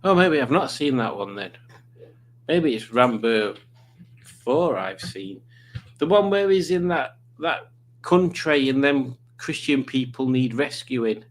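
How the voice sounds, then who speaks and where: A man's voice: mid-range voice, expressive, takes it slowly. A man chatting casually on a livestream, rambling and reading out viewer comments. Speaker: livestreaming YouTuber.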